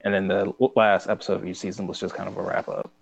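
A man co-hosting a casual podcast, halting and stumbling over his words. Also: sits low, level tone, gravelly, dull audio. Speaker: podcast co-host. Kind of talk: casual chat.

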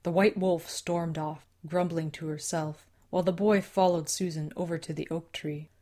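A woman with a deep, low voice reads a fantasy audiobook. Her narration is measured and even, with a steady storytelling pace. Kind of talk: scripted narration.

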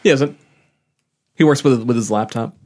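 A man's voice: mid-range voice, moderate pace, a little mellow. A young man co-hosting a casual podcast, rambling with lots of fillers and restarts and laughing often. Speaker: podcast co-host. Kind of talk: casual chat.

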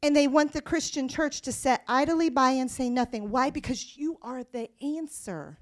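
A high-pitched woman delivers a sermon. She speaks emphatically, pressing her key points with forceful declarations, and drops to a quicker, softer voice when reading scripture aloud. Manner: reads scripture aloud in a quieter, faster voice. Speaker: preacher.

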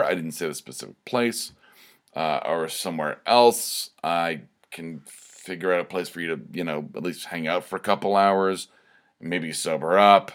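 A man's voice: sits low, moderate pace, a bit bright. A man telling a long personal anecdote in a loose, conversational way, full of asides and fillers. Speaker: storyteller. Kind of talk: casual anecdote storytelling.

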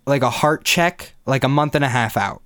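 A man's voice: mid-range voice, moderate pace, a bit bright. A young man co-hosting a podcast, telling a long story in casual chat, rambling, swearing and laughing as he goes. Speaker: podcast co-host.

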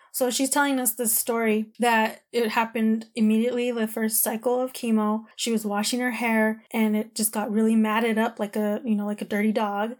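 Woman in her 30s, kinda high voice, rambly and emotional, lots of "like"s. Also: a little mellow. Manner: candid, emotional, rambling with many "like"s. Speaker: vlogger telling her cancer story. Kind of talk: personal storytelling to camera.

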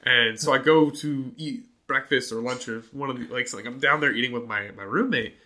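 A podcast host from Montana with a bright, forward voice spins a casual story. He talks at a middling pitch for a man and slips into the voices of the people he quotes. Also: a little fast. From Montana, USA. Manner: animated, acts out quoted voices in his stories.

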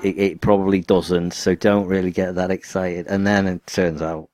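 A man's voice: low-pitched, level tone, normal speed, a little mellow, a little hiss or hum. A man co-hosting a casual podcast, listening with short replies and laughing often. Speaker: podcast co-host. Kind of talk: casual chat.

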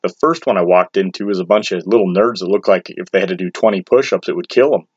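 A man's voice: deep voice, fast talker, a little mellow, husky, dry recording. A man casually telling a story about himself, blunt and crude, full of restarts and filler words. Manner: rambling and blunt, with crude slang and many restarts. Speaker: storyteller recounting his own experience. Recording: dull lo-fi, dry sound.

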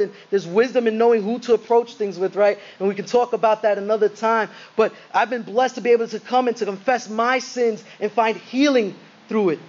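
High-voiced male pastor preaching earnestly. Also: a little mellow. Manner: earnest, conversational preaching with rhetorical questions. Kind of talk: sermon. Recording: muffled lo-fi recording.

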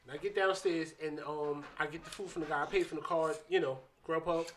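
A man's voice: fairly high pitch, fairly even intonation, fairly quick, a bit bright, a little hiss or hum. A man on a podcast telling an exasperated anecdote in casual chat. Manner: storytelling, exasperated. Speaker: podcast co-host.

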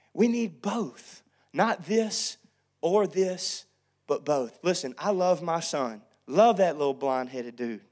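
A pastor in his thirties preaching a sermon, acting out family quarrels and swinging from loud to hushed. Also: on the high side.

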